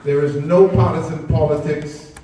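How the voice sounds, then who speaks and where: A man makes his case to an audience in an earnest, persuasive way. His voice sits a little high and sounds mellow, but it is caught from far off in a very echoey hall. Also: steady tone, normal speed, a little hiss or hum. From Bahamas. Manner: earnest, persuasive, speaks of a spiritual perspective. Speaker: speaker at a public talk. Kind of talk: public talk with slides. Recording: echoey room recorded from afar.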